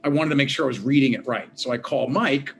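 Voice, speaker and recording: A man of middle pitch speaks as an interview guest, recounting past events with animated energy. He slips into the voices of the people he quotes. A faint noise sits under the recording. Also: fast talker, vocal fry. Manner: animated, acts out quoted dialogue. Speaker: guest, former state senator and law professor. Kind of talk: conversational interview storytelling. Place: home office at a desk.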